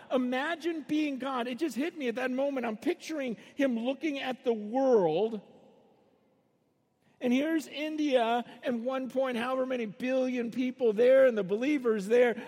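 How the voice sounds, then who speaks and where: A middle-aged man preaching a sermon, telling stories and acting out the voices of the people in them, with sudden shouts. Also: extremely high pitch, moderate pace. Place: arena. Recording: long reverb of a large arena.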